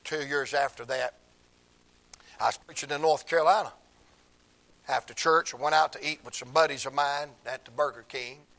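An older man, preaching a sermon through emotional stories, swinging from hushed tones to shouts. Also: medium pitch, fairly even intonation, moderate pace, vocal fry, pauses often.

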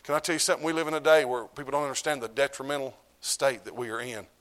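Preacher swinging loud to hushed. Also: male voice, medium pitch, steady tone, rapid-fire. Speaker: pastor. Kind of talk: sermon.

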